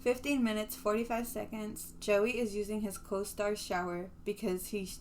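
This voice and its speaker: A woman's voice: mid-range voice, level tone, normal speed, darkish tone, a little hiss or hum. A young woman co-hosting a casual podcast chat, laughing often as she talks. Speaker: podcast co-host.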